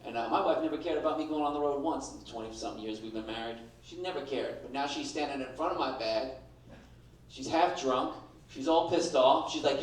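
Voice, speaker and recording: A man's voice: medium pitch, brisk, recorded from a distance. A middle-aged man doing a stand-up comedy set, punchy and brash, slipping into mimicked voices. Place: comedy club stage with an audience. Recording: echoey room, picked up from afar.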